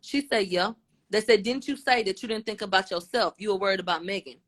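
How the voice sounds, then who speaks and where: Woman commentator, informal chatty recap, voices both sides of the exchange, mid-pitched. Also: a little fast. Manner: retells testimony, voicing both sides; informal, blunt, with slang. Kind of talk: casual trial recap.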